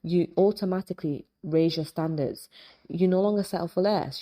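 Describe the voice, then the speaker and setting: A woman hosting a faith-based motivational talk, animated and casual, often acting out inner dialogue. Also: fairly low pitch, moderate pace. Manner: casual, repetitive affirming delivery. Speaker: host, hypnotist and life coach.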